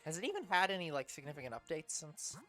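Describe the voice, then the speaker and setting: A man's voice: a little high, sing-song, fast, bright, forceful tone, soft background music. A man co-hosting a gaming live stream, chatting casually and making dry, matter-of-fact remarks. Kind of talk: casual chat while gaming.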